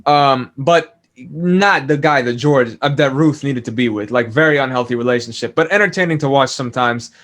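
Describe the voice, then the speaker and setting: A man's voice: mid-range voice, moderate pace, a bit bright. A man as a podcast guest, chatting casually about a TV series, thoughtful, with many fillers and restarts. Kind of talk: casual TV discussion.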